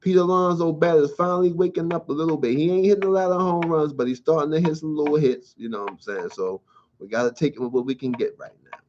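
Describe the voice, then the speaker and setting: A man hosting his own sports talk show, ranting in loose slang and swearing freely about his team. His voice sits a little high for a man. The recording is dull and low-fi. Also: fast, darkish tone, slight background noise. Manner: blunt, profane, ranting, conversational slang. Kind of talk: solo sports rant show. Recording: dull lo-fi sound.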